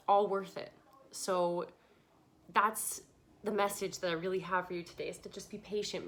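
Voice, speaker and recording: A woman's voice: on the low side, fairly bright tone. Tearful woman giving an earnest pep talk. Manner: earnest, pleading, swears. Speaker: podcast host. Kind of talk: emotional motivational monologue.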